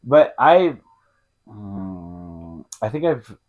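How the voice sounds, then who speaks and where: A man's voice: lowish voice, very animated, very slow, a little mellow. A man co-hosting a casual couples podcast, laid-back and prone to restarting his sentences and laughing. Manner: laid-back, repeats himself, laughs easily. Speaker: podcast co-host. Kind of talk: casual chat.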